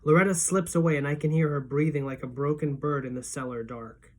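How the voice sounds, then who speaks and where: A teacher reading a novel aloud in steady first-person narration for a middle school class. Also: female voice, low-pitched, brisk.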